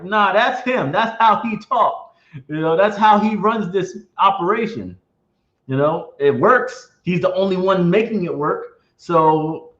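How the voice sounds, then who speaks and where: Animated outspoken man on a video call. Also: high voice, roomy sound, dull audio. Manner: animated, outspoken, laughs often. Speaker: interview host, comic company head. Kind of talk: casual video-call interview.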